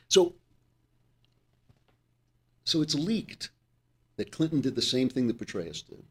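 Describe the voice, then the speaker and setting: A man's voice: fairly low pitch, breathy edge. A man hosting a political commentary monologue, sarcastic, reading news quotes aloud with asides. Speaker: host.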